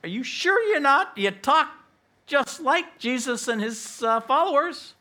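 A skeptical bystander pipes up in a high, incredulous voice, as a pastor puts him on while retelling a scene. The questions come sharp and bright, pushing hard for an answer. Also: male voice, animated, measured pace, exaggerated voice.

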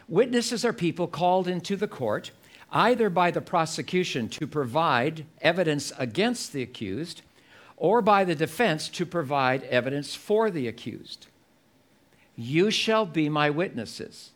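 Slow, emphatic male preacher. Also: fairly high pitch. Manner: slow, emphatic, repeats key phrases for effect. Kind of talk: sermon. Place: church service.

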